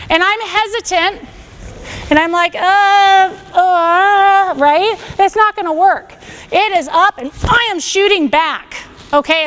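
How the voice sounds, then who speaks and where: A woman teaching a self-defense class on a body microphone, giving energetic step-by-step commands and checking in with "okay?" after each one. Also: very high-pitched. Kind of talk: classroom instruction. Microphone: wearing a microphone.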